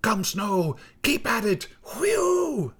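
A man's voice: sits high, sing-song, slow pace, a bit bright, pitched above the performer's own voice, heavily acted. A man voicing a wild old female snow spirit who shrieks commands at the storm. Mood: gleeful.

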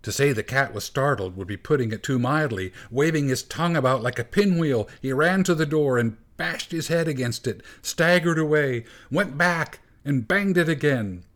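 Calm male storybook narrator. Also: fairly high pitch. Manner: calm, measured reading.

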